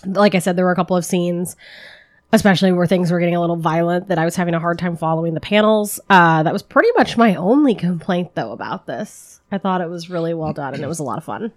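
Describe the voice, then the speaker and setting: A woman's voice: lowish voice, fast. A woman co-hosting a comics podcast, chatting casually with lots of "like" and small laughs. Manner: chatty, full of "like" and little laughs. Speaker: podcast co-host. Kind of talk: casual chat about comics.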